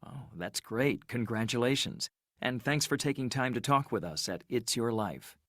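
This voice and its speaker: A man playing a radio show host in a scripted textbook dialogue, asking polite, measured questions. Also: medium pitch, expressive, a bit bright, no room sound, clean studio sound, natural voice. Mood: friendly. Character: friendly adult male radio show host. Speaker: radio interviewer.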